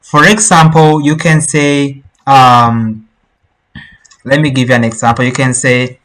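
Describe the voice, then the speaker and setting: Teacher voice, unhurried, mid-pitched, repeats each word for learners to copy. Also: steady tone, a bit bright, poor audio. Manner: explains slowly, repeats words for learners. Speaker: Mandarin teacher. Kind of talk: online language lesson.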